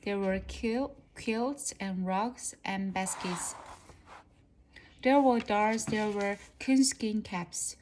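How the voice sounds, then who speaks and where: Slow, careful woman reading a storybook. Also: medium pitch, a little mellow, slight background noise, low-quality recording. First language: Korean. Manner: careful, practicing reader with small slips. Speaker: reader. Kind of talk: reading a children's storybook aloud.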